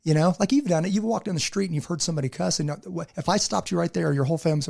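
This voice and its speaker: A man's voice: a little high, rapid-fire, creaky, a little mellow. A man as a podcast guest, talking in a casual, earnest way and acting out what people said in his stories. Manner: earnest, storytelling, acts out quotes. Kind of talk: casual conversation.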